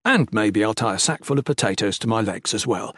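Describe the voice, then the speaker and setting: A man's voice: lowish voice, animated, brisk, a bit bright, husky, dry recording, clean studio sound, exaggerated voice. A man playing a strong, cocky young nobleman in an audiobook, mock-stern and teasing. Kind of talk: audiobook character voice.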